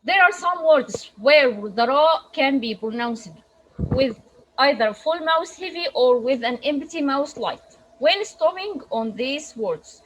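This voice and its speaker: A woman's voice: high voice, a bit bright, rough recording. A woman teaching recitation rules in an online lesson, explaining patiently with frequent restarts. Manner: explains slowly with frequent restarts, models Arabic words aloud.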